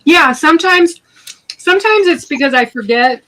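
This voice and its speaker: A woman chatting casually as a guest on a live stream, jokey and quick to laugh. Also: high-pitched, expressive, pushed and bright, a little hiss or hum, low-quality recording. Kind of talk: casual chat.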